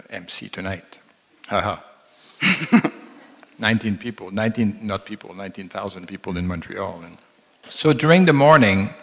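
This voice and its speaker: A man casually telling a personal anecdote, animated and chuckling as he quotes others. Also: on the low side, creaky, long reverb tail. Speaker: devotee telling a personal story.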